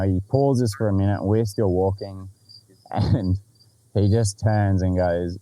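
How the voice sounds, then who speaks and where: A young Australian man hosting a podcast, telling a story in a lively, sweary, laughing way. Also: deep voice, low-quality recording. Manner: animated, swears freely, laughs often. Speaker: podcast host. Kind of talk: casual storytelling chat.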